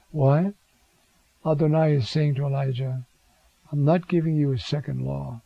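Gravelly preacher giving a dramatic sermon. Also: male voice, no echo, muffled recording. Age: older. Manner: dramatic, acts out biblical quotes with rising pitch.

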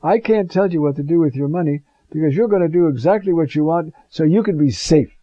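A priest preaching an informal homily, conversational and digressive, often pausing with fillers and asides. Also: male voice, fairly high pitch, warm tone, no echo, dull audio.

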